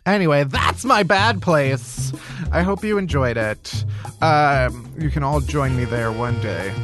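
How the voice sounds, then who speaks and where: A man's voice: mid-range voice, unhurried, faint music behind. A man hosting a comedy podcast, telling a rambling comic monologue full of swearing and laughter. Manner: animated, swearing, laughing at own jokes. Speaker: podcast host.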